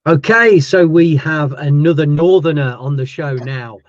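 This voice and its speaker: A man's voice: a little high, a little slow, no room sound, lo-fi sound. A man with a Yorkshire accent hosting a casual interview podcast, chatty and jokey with his guests. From Yorkshire, England. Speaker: podcast host.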